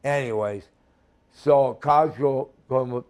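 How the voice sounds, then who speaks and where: Blunt, profane older man, high voice. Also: lively intonation, measured pace, darkish tone. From Minnesota, USA. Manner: blunt, profane, heated storytelling. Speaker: guest, former wrestler. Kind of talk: storytelling interview.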